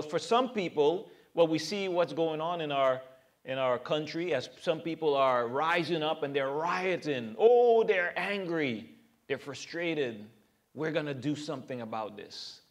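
A male pastor giving a verse-by-verse sermon in an earnest, emphatic way, full of rhetorical questions to his congregation. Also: fairly high pitch.

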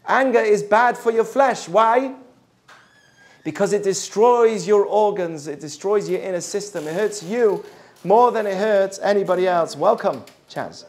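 A man with a fairly high, light voice gives a Torah lesson in a classroom. He tells stories and often turns to the students with questions. In the tense parts of a story his voice drops soft and low. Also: measured pace. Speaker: Torah teacher.

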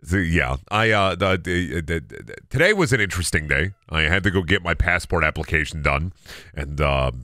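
A man's voice: low-pitched, lively intonation, normal speed, bright, forceful tone, no echo, clean studio sound. A man in his thirties chatting casually on a gaming stream, telling rambling stories full of stammers, restarts and bursts of laughter. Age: 30s.

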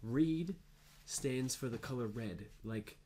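A man's voice: medium pitch, slow, warm tone, a little hiss or hum. A man hosting a podcast in casual chat, rambling with fillers and laughing at his own jokes. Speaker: podcast host.

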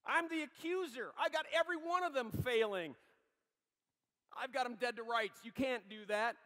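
A man voicing a gloating male devil, the accuser, in shouted taunts with a long hall echo. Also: very high-pitched, normal speed, pitched above the performer's own voice. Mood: defiant. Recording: long reverb of a large hall.

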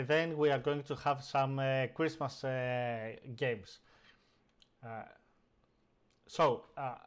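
A man hosting a casual live stream, narrating each step of a computer task as he does it. He speaks slowly at a middle pitch and stops often to search for words. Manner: hesitant, many fillers and restarts while operating the computer.

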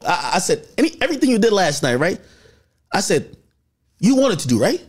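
A man with a high voice tells a story in a loose, casual way. He is animated and slang-heavy, and he acts out the lines of the people in it. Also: fairly quick, slightly rough.

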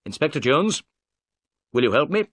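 A man voicing a confident, clever detective in a read-aloud story, brisk and commanding. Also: fairly high pitch, sing-song, a bit bright, no echo, voice pushed up. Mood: explaining.

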